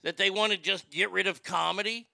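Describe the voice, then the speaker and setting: A man's voice: high voice, steady tone, fairly quick, gravelly, sharp tone, no echo, clean studio sound. A man hosting a show in casual chat, rambling and profane, with stammering restarts and boastful talk. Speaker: show host.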